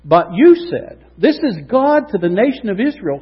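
A male pastor preaching a sermon in a church, animated, swinging from loud emphasis to hushed tones. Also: sits high, moderate pace, hardly any pauses, slightly rough. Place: church sanctuary. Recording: dull lo-fi recording with long hall reverb.

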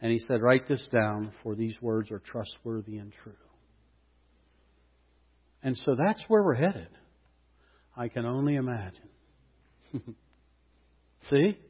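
A man's voice: medium pitch, takes it slowly, pauses often, breathy edge. A male pastor giving an Easter sermon in an earnest way, building to emphatic peaks and reading scripture aloud. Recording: dull lo-fi sound with long hall reverb.

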